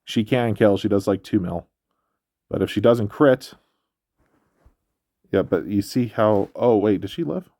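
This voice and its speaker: A man with a stuffy nose giving relaxed, explanatory game walkthrough commentary with frequent fillers. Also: on the low side, a little slow, pauses often, no room sound, studio quality. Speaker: gameplay commentator.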